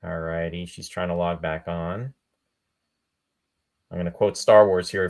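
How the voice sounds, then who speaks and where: A man's voice: low voice, steady tone, measured pace, long pauses, darkish tone. A male host chatting on a live video stream, upbeat and talkative, greeting viewers by name. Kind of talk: casual live-stream chat.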